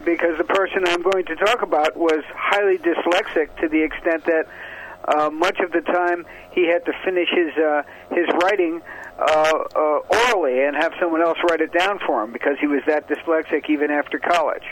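A man who is a guest on a radio show, telling stories in a measured way. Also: fairly high pitch, steady tone, noisy background.

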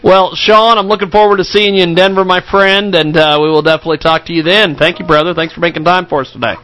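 High, bright, upbeat talk-show host man. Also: fairly even intonation, fast talker, rough recording. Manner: upbeat, friendly plugging of guests.

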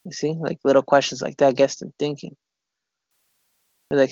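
Gravelly man rambling in casual chat. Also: mid-range voice, level tone, a little mellow, dry recording. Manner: rambling, profane and halting with many restarts. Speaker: conversation partner. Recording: dull lo-fi recording.

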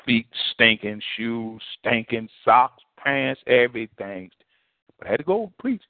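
Folksy male preacher telling a sermon story, swinging pitch widely; narrow, dry, lo-fi audio. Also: measured pace, no echo. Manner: animated, folksy, quotes others in lively voices. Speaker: preacher addressed as apostle. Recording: tinny phone-like dry sound.

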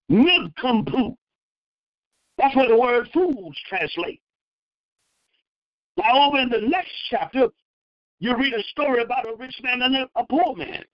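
A man preaching a fervent sermon, acting out the people in the verses and breaking into loud bursts. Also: very high-pitched, dry recording, dull audio. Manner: acts out the speakers in the verses.

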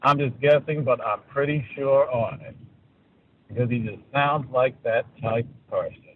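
A man calling in to a radio show, giving his opinions in a halting way and often repeating words. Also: mid-range voice, phone-quality sound, a little hiss or hum. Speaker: caller. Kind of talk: call-in radio commentary.

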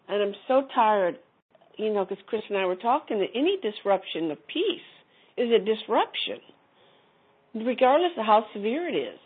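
A woman's voice: medium pitch, big pitch swings, normal speed, breathy edge. A woman sharing a personal story casually in a group call, rambling with many restarts. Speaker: community call participant. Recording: phone-line audio.

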